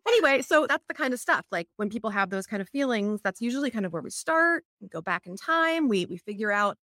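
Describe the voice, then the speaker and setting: A woman's voice: fairly high pitch, expressive, fast, sharp tone, dry recording, studio quality. A middle-aged woman, an EFT practitioner, chatting casually and telling stories with lots of "like" fillers. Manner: chatty, many "like" fillers, storytelling. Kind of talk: casual explanatory chat.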